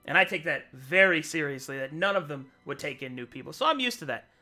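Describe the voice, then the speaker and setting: Fired-up man ranting, bright high voice. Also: animated, quick pace, soft background music. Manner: heated, swearing rant. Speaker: tabletop game player. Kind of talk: casual chat.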